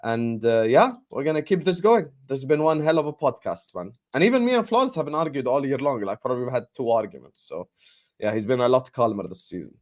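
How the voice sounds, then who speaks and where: A man's voice: medium pitch, big pitch swings, quick pace, a little mellow. A man hosting a football podcast, teasing his co-host and pushing his strong opinions in casual banter.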